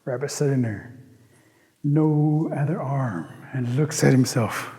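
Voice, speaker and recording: A man from the Cherokee Nation telling a traditional story in an animated, rhythmic, playful way. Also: medium pitch, takes it slowly. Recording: long reverb.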